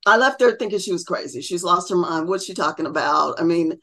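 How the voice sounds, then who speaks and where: A woman's voice: lowish voice, animated, brisk, bright, forceful tone. A middle-aged woman, a podcast guest, telling her story in casual chat and acting out the voices she quotes. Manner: chatty, acts out quoted voices.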